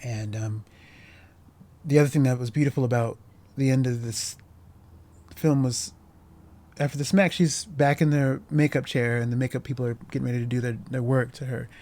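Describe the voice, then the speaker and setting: A man's voice: mid-range voice, steady tone, moderate pace, long pauses, a little mellow. A man casually discussing a short film as host, earnest and emotionally moved, rambling with many restarts and fillers.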